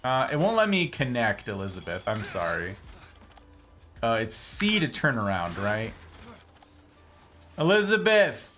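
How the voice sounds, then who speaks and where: A man's voice: lowish voice, very animated, moderate pace, over music. A young man streaming a game, chatting casually with playful, theatrical jokes. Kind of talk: casual gameplay commentary.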